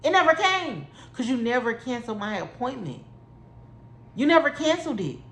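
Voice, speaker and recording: A woman's voice: fairly high pitch, very animated, normal speed, a bit bright. Heated, profane young woman in an echoey room. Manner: heated, profane, repeats herself for emphasis. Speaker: vlogger telling a story. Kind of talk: storytime vlog.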